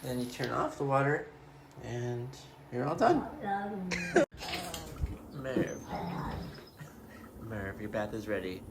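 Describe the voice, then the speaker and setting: A woman's voice: very deep voice, sing-song, slow pace, long pauses, very noisy. A woman talking to her cat at home in playful, teasing baby talk, giggling often. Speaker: pet owner.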